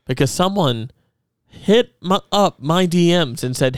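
A young man hosting a podcast in casual, animated chat, laughing often. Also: a little high, a little slow, clean tone, no echo, clean studio sound. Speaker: podcast host.

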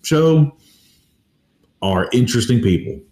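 A man co-hosting a casual chat, and his pitch moves up and down a lot. He cuts in with short, dry jokes. The room sounds echoey. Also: lively intonation, slow pace, warm tone. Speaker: podcast co-host.

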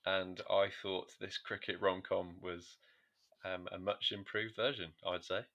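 A man's voice: deep voice, flat delivery, unhurried, sharp tone. A man co-hosting a comedy podcast, chatting casually with stumbles and restarts. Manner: hesitant, stumbling restarts, dry. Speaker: podcast co-host.

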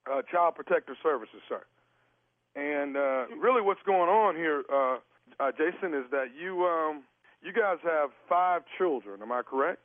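A stern, formal child services caseworker, put on by a man on a prank call, who keeps calling the other man sir. His voice sits fairly high and comes through a tinny phone line with no room around it. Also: animated, unhurried, no room sound. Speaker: prank caller.

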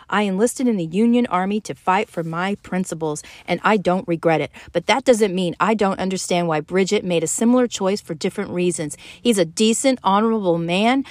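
A woman's voice: mid-range voice, no echo, close to an everyday voice. A woman reading aloud as a principled Union army captain, firm and earnest.

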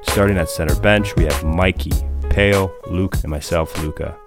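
Deep-voiced host, laughing and rambling. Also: male voice, normal speed, over loud music. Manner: laughing, rambling storyteller with many fillers. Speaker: podcast host. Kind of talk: casual sports podcast chat.

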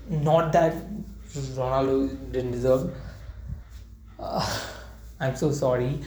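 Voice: medium pitch, fairly even intonation, slow, pauses often, darkish tone. A young adult football fan talking in an unscripted vlog, rambling, repeating words and near tears. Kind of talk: emotional unscripted vlog talk. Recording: roomy echo with faint ambient noise.

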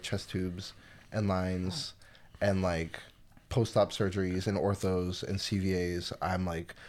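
A man's voice: sits low, a little mellow. A man in his twenties chatting casually on a podcast, laid-back, with lots of filler words and some swearing. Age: 20s. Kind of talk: casual chat.

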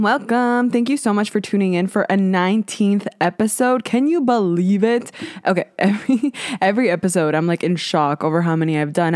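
A woman's voice: lowish voice, a little mellow, no echo, clean studio sound. A young woman hosting a casual podcast from her closet, chatty and self-mocking, swearing freely and saying "like" a lot. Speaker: podcast host. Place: small clothes closet. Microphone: podcast microphone.

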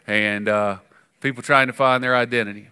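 A man preaching a sermon as pastor, conversational and animated, with frequent fillers and sudden emphatic rises. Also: mid-range voice, moderate pace, clear, resonant tone.

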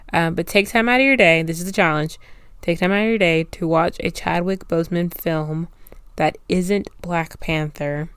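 A woman's voice: lowish voice, clear, resonant tone, dry recording, studio quality. A young woman hosting a solo podcast, talking casually and rambling, often correcting herself mid-sentence. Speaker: podcast host.

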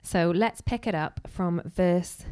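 A woman's voice: on the low side, takes it slowly, clear, resonant tone. Chatty woman preaching. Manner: chatty and animated, acting out quotes with asides. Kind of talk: casual sermon.

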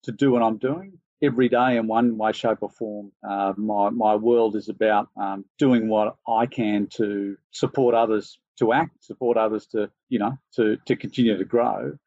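A laid-back Australian man talks through his answers in a low voice, restarting and filling pauses as he goes. The sound is dry and a little dull, as on a lo-fi recording. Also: fairly even intonation, dark tone, no room sound. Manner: easygoing, thinks aloud with many fillers and restarts. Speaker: interview guest, organisation chief executive. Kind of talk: relaxed conversational interview.

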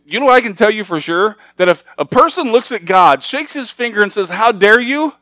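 A middle-aged man preaching a sermon. His voice sits a little high, and he moves from easy, chatty asides to emphatic, raised points. The sound is close and dry, with no room echo. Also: lively intonation, fairly quick, sharp tone. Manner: conversational preaching that swells to emphatic, raised passages. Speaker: pastor.

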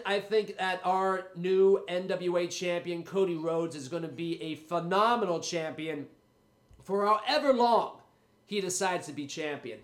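Man, podcast host, has a cold, rambling and hyped, swears freely, high voice, roomy echo. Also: fairly bright tone. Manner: rambling, hyped, salty and profane. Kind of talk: casual solo podcast talk.

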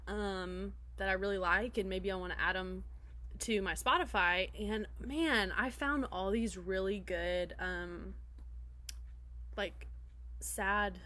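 A woman's voice: mid-range voice, steady tone, takes it slowly, a bit bright. A young adult woman co-hosting a podcast, chatting casually with lots of laughter and filler words. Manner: laughs a lot, many fillers. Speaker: podcast co-host. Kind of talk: casual chat.

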